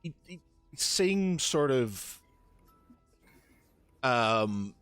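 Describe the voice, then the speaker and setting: A man running a tabletop game as game master, talking in a hesitant way with many pauses and restarts. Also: medium pitch, very animated, a bit bright, smooth, no echo, faint music behind.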